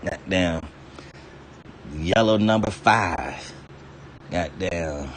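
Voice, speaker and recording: Low-voiced and drawing out his words, a man rambles through a casual rant while streaming, with a little hiss or hum in the audio. Profanity fills nearly every line, he laughs here and there, and he drifts freely between subjects.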